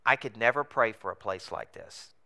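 A pastor planting a church tells stories in a conversational sermon, relaxed and chatty, with fillers and chuckles, in a theater inside a comedy club. His mid-range voice is bright and forceful, smooth and crisp, at a normal speed.

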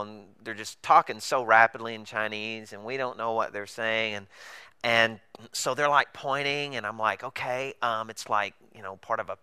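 A man preaches through a comic story, breaking into acted voices and laughter. His voice is bright and forceful, smooth and resonant. The sound is dry and close. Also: mid-range voice, dry recording. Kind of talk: humorous storytelling sermon.

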